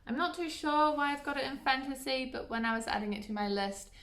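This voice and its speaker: A woman's voice: high-pitched, fairly bright tone. Chatty young woman listing books. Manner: chatty, reads titles briskly, self-deprecating asides. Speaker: book vlogger. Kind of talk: casual book list vlog. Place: at home by a bookshelf.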